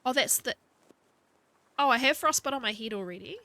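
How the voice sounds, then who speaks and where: A woman's voice: on the high side, expressive, brisk, sharp tone, no echo. A woman chatting casually while she plays a video game at home, thinking aloud and talking to her dog. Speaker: gaming video creator. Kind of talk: casual gameplay commentary.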